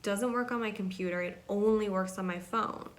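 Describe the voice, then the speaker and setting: A woman's voice: mid-range voice, steady tone, normal speed. A woman hosting her podcast, telling rambling stories in a chatty, casual way, full of "like" and "you know". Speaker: podcast host. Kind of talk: casual storytelling monologue.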